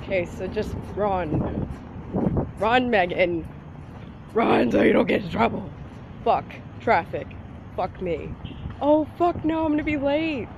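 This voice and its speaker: With loud street traffic in the background, a teenage girl films a rambling outdoor vlog on a handheld device, swearing constantly and making fun of herself. Her medium-pitched voice is expressive and slow, with vocal fry and long pauses, captured in lo-fi sound.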